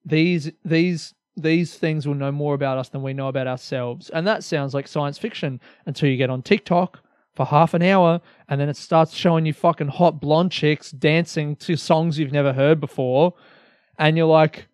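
A man's voice: a little high, steady tone, moderate pace, a little mellow, smooth, no echo, clean studio sound. A young Australian man hosting a solo comedy podcast, rambling energetically with lots of swearing and self-mockery.

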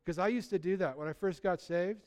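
Man, pastor, sermon, high voice, smooth clear tone, animated conversational delivery. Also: brisk. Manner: animated, conversational preaching with repeated restarts.

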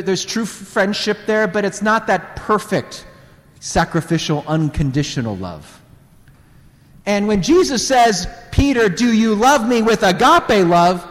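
Male preacher, sermon, high voice, long hall reverb, acts out scenes, asks the audience questions.

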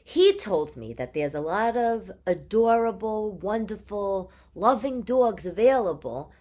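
A woman hosting her podcast, chatting in a chatty, animated monologue from her living room. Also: medium pitch, a little slow. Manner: chatty and animated, with rhetorical questions. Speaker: podcast host. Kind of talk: casual monologue.

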